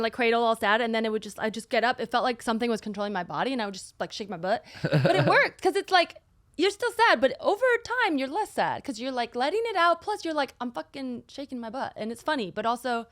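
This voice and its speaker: Sex: woman. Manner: candid and animated. Mic: dry, close. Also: fairly high pitch, dry recording. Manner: candid, swears freely, acts out her own reactions. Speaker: podcast guest. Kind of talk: casual chat.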